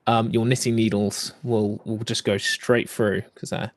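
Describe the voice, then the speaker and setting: A man's voice: fairly low pitch, steady tone, a little slow, no echo. A man narrating as game master, describing scenes and rules with plenty of ums and "kind of".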